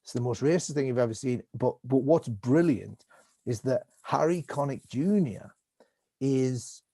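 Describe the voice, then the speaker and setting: A man's voice: mid-range voice, expressive, unhurried, warm tone, breathy edge, no echo. A man who is a comedian, a guest in a casual conversation over a video call, rambling animatedly and acting out voices as he tells stories.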